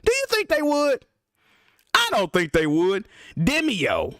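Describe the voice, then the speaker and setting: A young man streaming live about games, ranting in an exasperated, profane way with big swings between loud outbursts and mutters. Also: very high voice, huge pitch swings, slow pace, long pauses, dry recording, studio quality. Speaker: gaming streamer.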